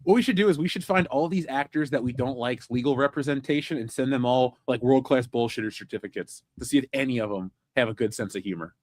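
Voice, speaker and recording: A man's voice: medium pitch, fast, few pauses, no room sound. A man hosting a pop culture podcast, blunt and opinionated, cursing freely in casual chat. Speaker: podcast host.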